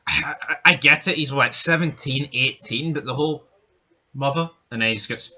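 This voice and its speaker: A man co-hosting a casual talk show, giving firm opinions and steering the talk along. He often stumbles on his opening words. His tone is very bright and sharp at a middle pitch. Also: normal speed. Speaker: podcast co-host. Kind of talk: casual chat ranking TV deaths.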